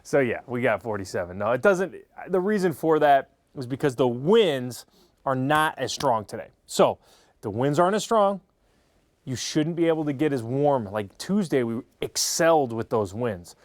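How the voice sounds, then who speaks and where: A man's voice: mid-range voice, lively intonation, no room sound. Male TV weatherman, chatty and upbeat, mid-range voice, dry sound. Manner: chatty, upbeat, quick bursts. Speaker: meteorologist. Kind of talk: TV weather forecast.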